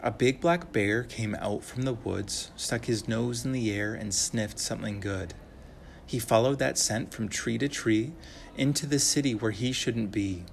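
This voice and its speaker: A man reading a rhyming children's story aloud in a measured way. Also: on the low side, gravelly, slight background noise.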